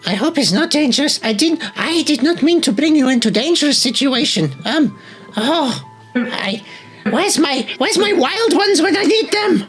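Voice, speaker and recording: A woman doing a high, fretful little male adventurer. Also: animated, normal speed, soft background music. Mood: worried. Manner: fretful, hesitant, apologetic.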